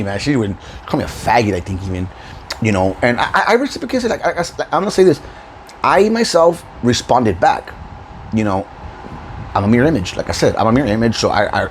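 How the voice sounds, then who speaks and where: A man's voice: on the low side, slight background noise, poor audio. Heated, swearing man ranting on his vlog. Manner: profane, heated, confrontational, with frequent laughs. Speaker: YouTube channel host.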